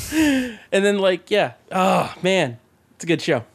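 An excitable man co-hosting a casual podcast, swearing freely and laughing often. His voice sits a little high for a man. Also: a little slow, vocal fry. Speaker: podcast co-host. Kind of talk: casual chat.

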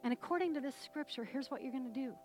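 A middle-aged woman preaching a sermon, telling a family story in a lively, conversational way with quick laughs. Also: high voice, faint music behind. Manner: animated, conversational storyteller who laughs while talking.

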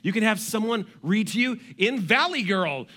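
A middle-aged man preaching a sermon as pastor, animated, with joking asides and quoted voices. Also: high-pitched, moderate pace.

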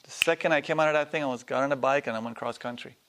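A man's voice: medium pitch, racing, background noise. A man leading a spiritual workshop in a loose, casual way, swearing freely and acting out voices when he tells stories. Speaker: workshop teacher. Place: workshop hall.

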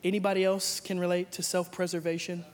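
A man's voice: sits high, flat delivery, fast talker. A young adult man preaching a sermon, playful and joking, acting out Bible figures in casual slang. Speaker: pastor.

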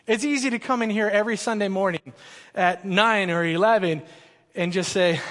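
A man's voice: high voice, normal speed, fairly bright tone. A man preaching a sermon as a student pastor, joking and conversational with the congregation in a large church. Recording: long hall reverb.

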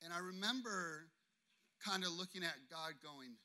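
A man's voice: high-pitched, moderate pace, sharp tone. A man in his thirties, a pastor, telling a personal story in a sermon in a casual, conversational way, often asking "okay?". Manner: conversational, frequent "okay?" and "you know what I mean?".

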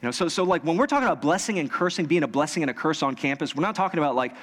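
A male pastor preaching in a church, his slightly high voice trailing a long reverb through the hall. He tells stories in a loose, conversational way, then climbs into loud, excited emphasis and slows down to repeat his key lines. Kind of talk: sermon. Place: church sanctuary.

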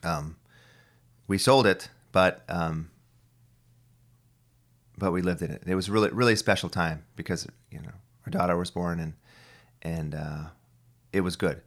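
A man with a very low voice rambles casually through a solo podcast monologue. He swears freely, restarts his sentences and drifts between rants and personal stories in an offhand way. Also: unhurried, pauses often, fairly bright tone. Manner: profane, ranting, full of restarts. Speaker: podcast host.

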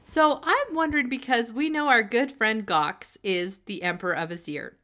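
A woman's voice: a little high, expressive, moderate pace, sharp tone. A woman co-hosting a casual book-discussion podcast, musing through recaps. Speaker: podcast co-host.

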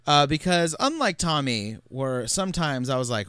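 A man's voice: a little high, animated, moderate pace, sharp tone, clear, resonant tone, no room sound, clean studio sound. A young man co-hosting a podcast, chatting about a movie in a jokey way, laughing often and swearing now and then. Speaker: podcast co-host. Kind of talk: casual movie chat.

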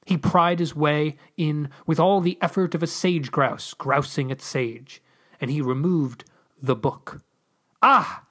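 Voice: medium pitch, unhurried. A podcast host reading their own story aloud. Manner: animated narration.

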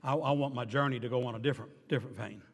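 An older man preaching a sermon as pastor, swinging between emphatic declarations and quiet asides with dry humor. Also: mid-range voice, fairly even intonation, very fast, slightly rough. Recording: reverberant hall.

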